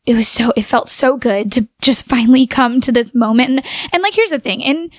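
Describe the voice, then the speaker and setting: A woman's voice: a little high, brisk, no room sound. A woman telling a personal story in a casual, earnest way, with "like" filling many of her sentences. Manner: earnest, full of "like" fillers.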